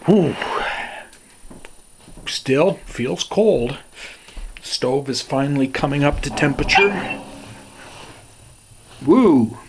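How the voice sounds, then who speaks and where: A man talks at a very unhurried pace into a handheld camera, narrating his day at a small cabin in the woods. His delivery is plain and matter-of-fact, full of small asides, and a faint hiss sits under the recording. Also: on the high side, expressive. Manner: slow, plain-spoken, talking to himself with sighs and asides. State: out of breath. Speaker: cabin owner filming his visit. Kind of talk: casual vlog narration.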